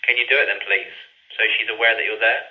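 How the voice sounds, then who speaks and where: A man, a paranormal investigator, calling out measured, polite questions to spirits and repeating his requests. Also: fairly low pitch, fairly even intonation, muffled recording.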